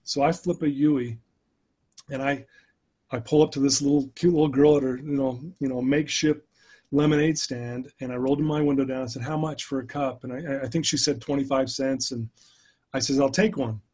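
Husky-voiced man telling an earnest story. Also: mid-range voice, fairly even intonation, normal speed, darkish tone. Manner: earnest, emotional storytelling with many restarts. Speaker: podcast guest. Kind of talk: personal storytelling in an interview.

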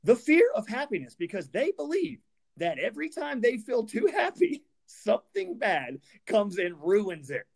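A man's voice: high-pitched, wildly swooping pitch, normal speed, creaky, husky. A man co-hosts a podcast and vents in a heated rant. His voice jumps all over the place, and he keeps stammering and restarting as his anger builds. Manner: angry, emphatic, stammering restarts. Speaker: podcast co-host.

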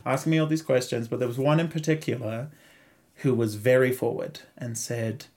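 A man's voice: medium pitch, fairly even intonation, moderate pace, darkish tone. A young man with a Zimbabwean accent tells a story on a casual podcast. His voice sits in an ordinary middle range. He laughs often and slips into voices for the people he quotes. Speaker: podcast guest.

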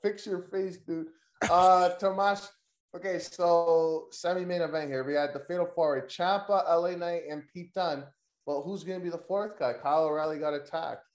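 An excitable, slangy man hosting a casual wrestling recap chat, peppering his talk with "yo" and "dude" and swearing freely. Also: on the high side, moderate pace, roomy sound. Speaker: podcast host.

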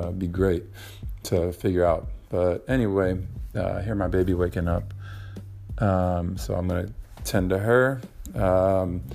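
A man's voice: sits low, vocal fry, darkish tone. A young man hosting a casual solo podcast, rambling and swearing freely with lots of ums and uhs. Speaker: podcast host.

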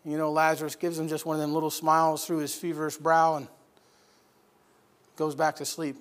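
Guy preaching a sermon, high voice, tells it like a story, asks the crowd questions, goes loud then quiet. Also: monotone, normal speed. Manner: vivid storytelling with rhetorical questions; swings between loud emphasis and hushed lines. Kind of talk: expository sermon.

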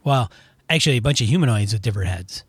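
A man's voice: medium pitch, animated, fast talker, husky, no echo. A man co-hosting a casual tabletop gaming podcast, joking playfully with his co-host.

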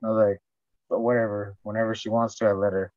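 A man's voice: lowish voice, flat delivery, quick pace, a little mellow, dry recording. A man telling rambling, profane stories in casual chat and acting out what people said. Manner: profane storytelling, acts out quotes. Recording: dull dry lo-fi sound.

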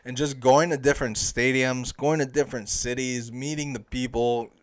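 A young man telling stories to camera in an excitable, chatty way, with plenty of fillers. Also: mid-range voice, normal speed. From United States. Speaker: soccer fan. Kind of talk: casual storytelling to camera.

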